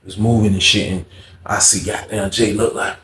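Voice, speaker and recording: A man's voice: fairly low pitch, fairly even intonation, moderate pace, a bit bright, echoey room. A man casually telling a prison story with plenty of fillers and swearing. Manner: casual, profane, lots of fillers.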